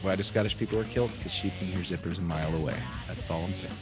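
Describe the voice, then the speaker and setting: A man hosting a podcast over a video call, telling jokes in a loose, animated storytelling way. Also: sits low, fast talker, music in the background. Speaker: podcast host. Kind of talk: casual chat, telling jokes. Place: home, remote video call. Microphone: own mic on a video call.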